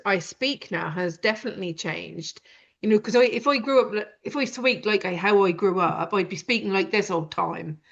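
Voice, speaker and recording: A British woman hosting a live conversation, talking directly and rambling with many fillers. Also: mid-range voice. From Britain. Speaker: host. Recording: dull lo-fi sound.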